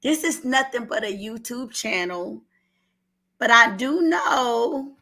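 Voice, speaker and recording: A woman's voice: a little high, expressive, takes it slowly, pushed and bright. A middle-aged woman from Oakland with an Oakland accent, telling an earnest personal story on a call-in show and holding back tears. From Oakland, California. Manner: earnest, repeats herself, fights back tears. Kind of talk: emotional testimony on a call-in show.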